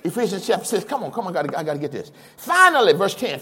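The voice is high, husky, pushed and bright as a sixties-aged pastor preaches very animatedly, quickly and with few pauses. He hammers points through repetition and call-and-response, chuckling in asides to the congregation.

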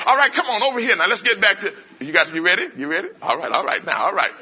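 A man preaching an interactive sermon, coaxing answers from the congregation and repeating phrases in quick call-and-response bursts. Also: high voice, lively intonation, pushed and bright, a little hiss or hum. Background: congregation voices and laughter.

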